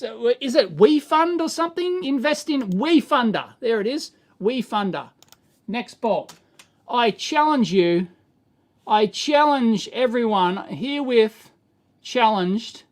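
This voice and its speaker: A middle-aged Australian man hosting a casual electronics livestream, rambling and exasperated, chuckling as he answers the chat. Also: high voice.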